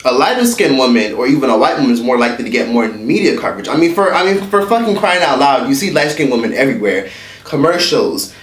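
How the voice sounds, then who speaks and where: A man's voice: mid-range voice, sing-song, fast talker, distant mic. A man giving a blunt, profane, heated commentary rant for his vlog. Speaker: online commentator. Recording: echoey room, away from the mic.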